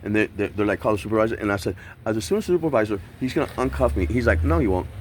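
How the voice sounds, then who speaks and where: Fast, furious man on the street, profane, recorded on a body cam with faint outdoor hum. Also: lowish voice, animated, darkish tone. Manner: agitated, profane, mimics voices while retelling. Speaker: man detained by police. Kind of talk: heated recounting of an arrest.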